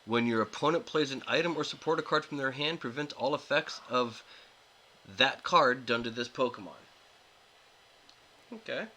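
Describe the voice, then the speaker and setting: A man hosting a casual card pack opening video, reading card text aloud in a flat, steady way and chatting with the viewers. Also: mid-range voice, moderate pace, pauses often, a little hiss or hum, low-quality recording. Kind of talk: casual commentary while opening card packs.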